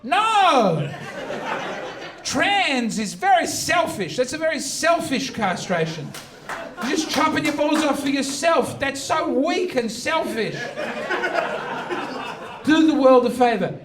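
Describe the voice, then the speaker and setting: A man's voice: very high-pitched, very animated, a little slow, distant mic, background noise. A man doing stand-up comedy in a brash, provocative, mock-earnest way at a live venue. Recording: echoey live venue from afar, crowd laughter.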